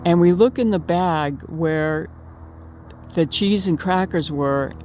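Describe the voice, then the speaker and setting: Speaking slowly in a fairly low, dark voice over slight background noise, a woman recalls her late partner for her viewers. Her storytelling is casual and rambling, full of fillers and restarts, broken up by occasional laughter.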